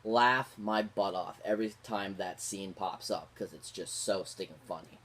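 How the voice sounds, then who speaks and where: A man's voice: low-pitched, moderate pace, fairly bright tone. A man giving a casual, rambling film review, gushing about the actors with constant fillers and restarts. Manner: gushing, repeats favourite words. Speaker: movie reviewer.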